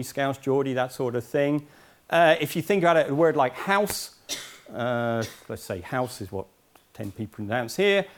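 A man from Essex with an English accent giving a university lecture in a lecture hall, chatty with wry asides. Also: medium pitch. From Essex, England.

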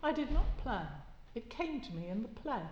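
A woman reading aloud the part of a calm, cooing actress who admits to killing her husband, with slow, quiet, deliberate delivery, in an echoey lecture hall. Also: on the high side, dull audio, slight background noise, pitched above the performer's own voice. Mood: cool, quiet. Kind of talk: dramatic reading from a novel.

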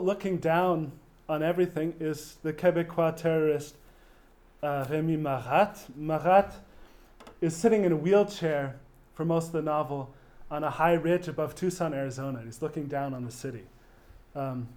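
A man lectures on a novel in a measured, thoughtful way, stopping to restart phrases and reading passages aloud. His voice sits a little high for a man but sounds soft and mellow rather than bright. He talks like a teacher explaining ideas to a class. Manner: thoughtful, with fillers and restarts between quoted passages.

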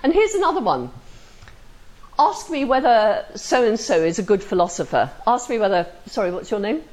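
A woman's voice: a little high, very animated, moderate pace, darkish tone, low-quality recording. A woman teaches a class with a voice that rises and falls a great deal. She keeps checking whether her students follow her. She acts out example sentences with dry humor. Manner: questioning, asks the class for agreement. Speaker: lecturer. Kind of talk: classroom lecture.

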